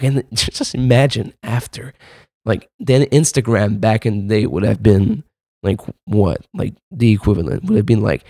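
A male podcast host thinks out loud in a loose, rambling monologue, piling up fillers and casual swearing. His voice sits at an ordinary middle pitch. The recording is close and dry, with no room echo. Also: lively intonation, normal speed. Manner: rambling and profane, with frequent fillers and laughs.

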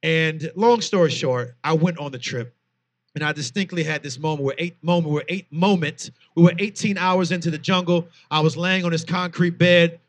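A man in his thirties, a guest author telling a personal faith story in earnest, animated conversation, with frequent fillers. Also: on the high side, normal speed.

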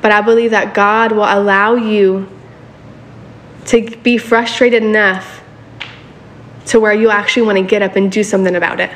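A woman's voice: mid-range voice, fairly even intonation, normal speed, long pauses, a bit bright. Casual, chatty woman preacher. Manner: casual, asks listeners for agreement. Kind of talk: conversational sermon.

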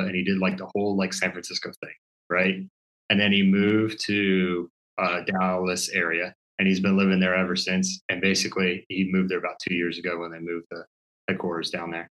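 A man talks loosely on a podcast, his voice sitting low but bright. He rambles through his stories, leaning on "like" and restarting his sentences as he goes. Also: low-quality recording. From Maryland. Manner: rambling, heavy use of "like". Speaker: podcast co-host. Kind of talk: casual chat.

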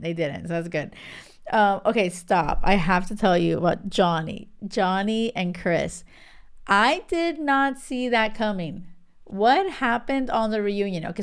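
A woman hosting a casual reality show recap, chatty and gossipy, full of fillers and acted-out quotes. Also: mid-range voice. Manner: animated, gossipy, lots of fillers and quoted asides.

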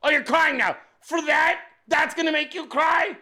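A man voicing an irate older man who shouts profanities at Congress in a high, strained voice. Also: normal speed, exaggerated voice. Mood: scornful.

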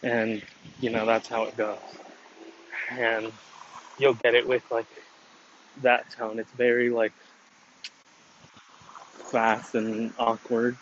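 A man talks slowly in a flat, even tone, rambling and hesitant and often restarting his sentences. The recording is dull and lo-fi, with steady noise clearly audible behind him. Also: mid-range voice. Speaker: storyteller explaining a family matter. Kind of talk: casual monologue.

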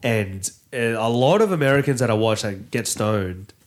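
A man's voice: mid-range voice, moderate pace, a little hiss or hum. Co-host, man, stuffy nose, easygoing slangy chatter. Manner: laid-back, slangy, animated storytelling. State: congested, nasal. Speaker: podcast co-host. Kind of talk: casual chat.

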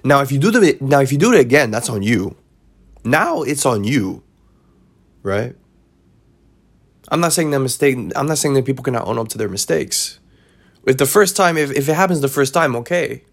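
Gravelly guy on his podcast lecturing about life, keeps going "right?", repeats himself. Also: mid-range voice, animated, moderate pace, long pauses. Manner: preachy, repetitive, keeps asking "right?". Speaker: podcast host. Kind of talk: casual advice monologue.

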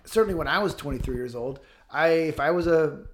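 A man's voice: on the high side, a little fast. Fifty-year-old man, candid interview guest, heated and profane. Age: 50s. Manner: blunt, passionate, swears freely. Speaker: guest author. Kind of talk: casual interview talk.

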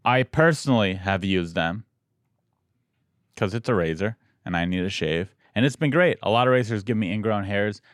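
Smooth low-voiced man reading an ad. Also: lively intonation, normal speed, no room sound, studio quality. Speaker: podcast host. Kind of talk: read ad and casual banter.

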